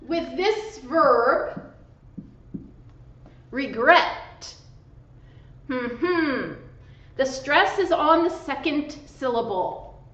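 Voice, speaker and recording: A woman English teacher giving a slow, deliberate grammar lesson, spelling out letters and stressing syllables carefully. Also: high voice, expressive. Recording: echoey room, dull lo-fi sound.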